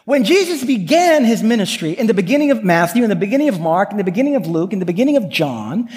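A man's voice: sits high, sing-song, fast talker, darkish tone. A male pastor preaching a sermon, earnest and building with repetition, weaving in personal stories. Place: church sanctuary. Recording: long hall reverb.

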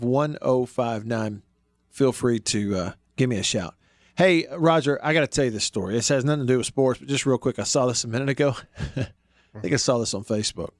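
A man's voice: medium pitch, no echo, clean studio sound. A male sports radio host chatting casually on air and laughing often as he tells a story. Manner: laughs often while telling stories. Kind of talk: casual radio show chat.

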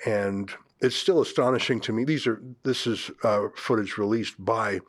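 A man's voice: lowish voice, normal speed, no echo, studio quality. Man hosting an offhand news roundup. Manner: loose, unscripted, with restarts and asides to the production crew. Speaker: news show host. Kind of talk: casual news commentary.

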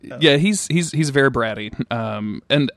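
A man's voice: mid-range voice, lively intonation, unhurried, fairly bright tone, no echo. A man co-hosting a casual podcast, joking and laughing as he talks. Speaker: podcast co-host. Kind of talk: casual chat.

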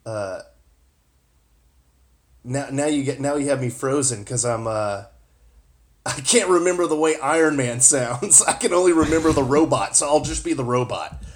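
A man's voice: mid-range voice, lively intonation, moderate pace, pauses often. A man in casual joking chat, laughing often and stumbling over his own punchlines, recorded on a cell phone. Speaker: participant taking turns singing verses.

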